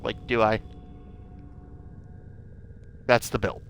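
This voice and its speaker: A young man talking into a desk mic while streaming a game, rambling and swearing freely. His voice sounds bright and sharp with a scratchy throat, and a faint noise floor sits under him. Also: lowish voice, flat delivery, drawn-out words, vocal fry. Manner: rambling, swears freely, self-mocking asides. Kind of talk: casual live-stream commentary.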